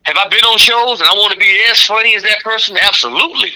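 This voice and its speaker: A man's voice: high-pitched, quick pace, poor audio. A middle-aged man, a comedian, chatting casually on a podcast and acting out voices from his stories. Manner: animated, acts out crowd and director voices.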